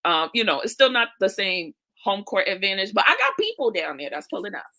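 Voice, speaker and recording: A woman with a Boston accent talks as a guest poet in a relaxed interview. Her voice is bright and sharp, and she chats freely with easy laughs. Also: medium pitch, brisk. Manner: chatty, laughing easily. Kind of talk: casual interview chat.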